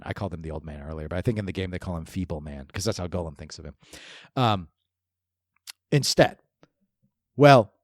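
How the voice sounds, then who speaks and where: Lively, chatty male podcast host. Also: lowish voice, no echo, studio quality. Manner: animated, rambling, chuckles while talking. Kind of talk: casual chat about video games.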